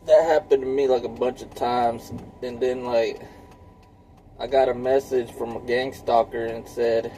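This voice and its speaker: Slow, rambling man in his thirties. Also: medium pitch, mellow, a little hiss or hum, low-quality recording. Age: 30s. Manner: rambling, heavy filler words, profane. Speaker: vlogger. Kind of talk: casual rambling monologue.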